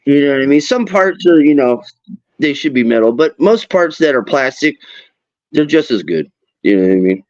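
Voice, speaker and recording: A middle-aged man hosting a casual chat while fishing, an animated storyteller who swears freely and acts out the people in his stories. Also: medium pitch, normal speed, dry recording. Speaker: host. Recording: dull lo-fi sound.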